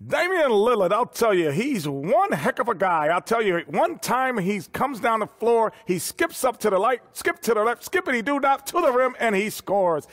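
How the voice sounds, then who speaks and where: A man's voice: high voice, sing-song, moderate pace, hardly any pauses, fairly bright tone, long reverb tail. A man putting on a corny old-school reporter. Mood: hammy. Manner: hammy, sing-song, playful. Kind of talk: studio banter in a video game.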